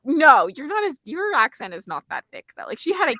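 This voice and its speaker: A woman's voice: sits high, very animated, brisk, sharp tone, no echo, studio quality. A woman hosting a casual livestream chat, talkative and laughing easily. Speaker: host.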